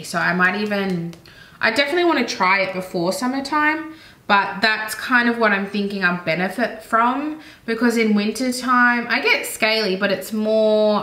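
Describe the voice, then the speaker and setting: A woman's voice: mid-range voice, pushed and bright. An Australian woman chatting casually and enthusiastically through a beauty product haul, with rambling asides. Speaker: beauty vlogger. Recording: roomy echoey room.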